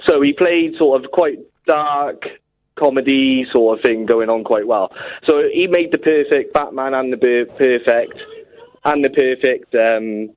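A man's voice: medium pitch, unhurried. A middle-aged man phoning in to a radio show, chatting in a hesitant, easygoing way and laughing often. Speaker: caller. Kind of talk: casual phone-in chat. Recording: tinny phone line.

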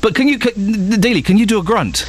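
A man's voice: sits high, fast, slightly rough. A man hosting a radio show in a studio, chatting in a jokey, teasing way with guests and his co-presenter. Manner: jokey, teasing, lively banter. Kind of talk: casual radio chat. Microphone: studio microphone.

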